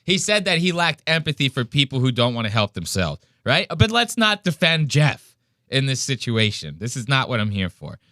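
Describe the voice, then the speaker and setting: A podcast host goes on an animated, profane rant as he mocks what he is reacting to. His voice is bright and sharp. The recording is dry and close, with no room sound. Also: mid-range voice, normal speed, no echo. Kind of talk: ranting reaction commentary.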